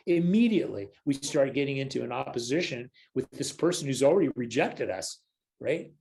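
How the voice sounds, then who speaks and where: A man's voice: medium pitch, brisk, creaky, poor audio. An older man, a counselor and spiritual leader, talking casually as a podcast guest and acting out the voices he quotes. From United States. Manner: animated storyteller who acts out quoted voices. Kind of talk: casual storytelling conversation.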